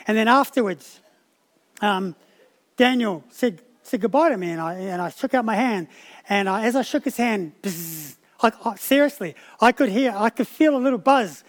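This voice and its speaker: A man's voice: high-pitched, expressive, normal speed. A man preaching a sermon, telling a personal story with frequent restarts and repeated words.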